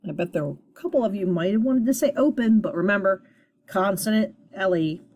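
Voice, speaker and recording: Her voice is medium in pitch with a darkish tone as she teaches phonics to young students on a recording. She's cheerful and carefully pronounces each sound one at a time.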